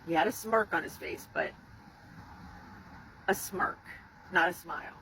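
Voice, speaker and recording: Woman, bright tone, candid first-person storyteller with a faint noise floor, swears freely. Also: lowish voice, unhurried, rough recording. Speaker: rescuer telling her story.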